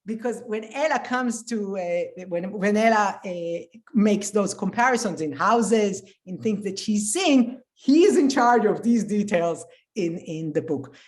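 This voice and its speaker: A woman author speaking as a guest at a live event, earnest and thoughtful, pausing often with "uh". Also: medium pitch, lively intonation, darkish tone. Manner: earnest, thoughtful, frequent "uh" pauses.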